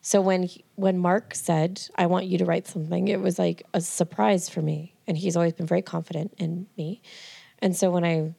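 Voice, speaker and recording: Woman, podcast guest, low mellow gravelly voice, chatty, laughs a lot, dry mic. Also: fairly even intonation, normal speed, no room sound. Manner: chatty, laughs often, circles back mid-sentence. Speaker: podcast guest, comics artist and writer. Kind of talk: casual interview chat.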